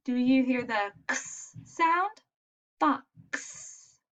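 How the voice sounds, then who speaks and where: A woman teaching young children letter sounds in a patient, encouraging way, modelling each sound clearly. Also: on the high side, lively intonation, slow. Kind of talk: phonics lesson for young children.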